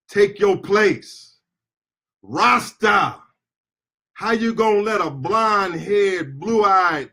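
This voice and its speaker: A middle-aged American man giving a fiery political speech as an attorney and activist, impassioned and shouting at peaks, with call-and-response chants. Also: high-pitched, husky. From United States.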